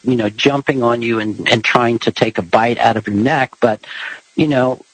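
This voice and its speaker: A man's voice: medium pitch, steady tone, normal speed, husky, no echo, rough recording. A man co-hosting a podcast in casual chat, mostly short agreements and wry asides.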